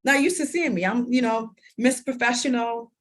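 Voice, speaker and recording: Animated woman telling her story. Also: fairly high pitch, normal speed. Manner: animated, laughs often, acts out quoted dialogue. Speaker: interview guest. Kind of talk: conversational interview storytelling.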